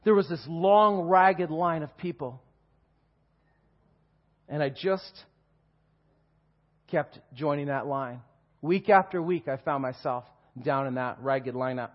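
High-voiced man sharing his testimony. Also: takes it slowly, pauses often, dull audio. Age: 40s. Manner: emotional, animated storytelling with laughter and swings in loudness. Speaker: guest speaker giving testimony. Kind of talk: personal testimony in church.

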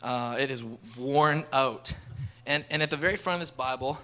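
Bright earnest young male preacher. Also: mid-range voice, normal speed. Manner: earnest, building to emphatic appeals. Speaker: pastor. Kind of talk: sermon.

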